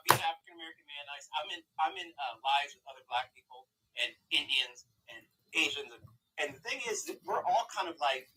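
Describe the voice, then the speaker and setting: A fired-up man rants as a caller, swearing freely and circling back on his points. His pitch leaps all over the place, and his voice sounds far from the mic, thin and distant. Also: sharp tone. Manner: impassioned, profane, rambling. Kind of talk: heated call-in conversation.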